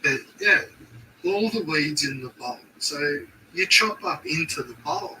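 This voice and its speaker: Slow, bright-voiced Australian man. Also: on the high side, lively intonation, distant mic, slight background noise, poor audio. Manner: laid-back, heavy swearing, slangy. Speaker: streamer. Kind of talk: casual stream chat.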